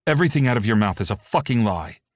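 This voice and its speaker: A man's voice: mid-range voice, animated, quick pace, dry recording, studio quality, natural voice. A male audiobook narrator voicing a furious, betrayed young man who snarls and screams. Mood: bitter.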